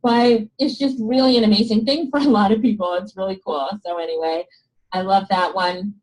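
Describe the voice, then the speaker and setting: A woman teaching an online business class in a live webinar, chatty and excited, laughing often and losing her voice. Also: mid-range voice, a little fast, low-quality recording.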